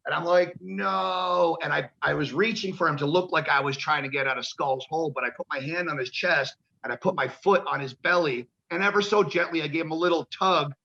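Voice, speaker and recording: A man telling stories as an interview guest, animated and acting out the people he quotes, swearing casually, on a dull lo-fi recording. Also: fairly high pitch, fast, few pauses, slightly rough. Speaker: guest, professional wrestler.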